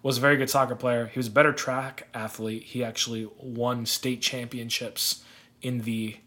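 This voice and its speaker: A man's voice: medium pitch, flat delivery, moderate pace, bright, forceful tone. A young man co-hosting a podcast, telling a sports story in casual chat, rambling and laughing often. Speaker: podcast co-host.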